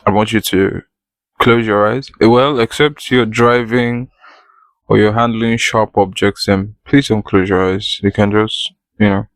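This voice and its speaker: A man with a low, gravelly voice hosts his solo podcast. He talks to the listener in a playful, conversational way. The sound is close and dry, with no room echo. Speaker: podcast host.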